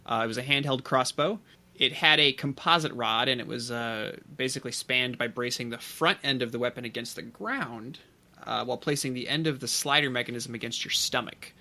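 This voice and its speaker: Bright-voiced man rambling through facts. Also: medium pitch, fairly even intonation, fairly quick. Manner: rambling explainer with many fillers. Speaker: podcast co-host. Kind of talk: casual podcast chat.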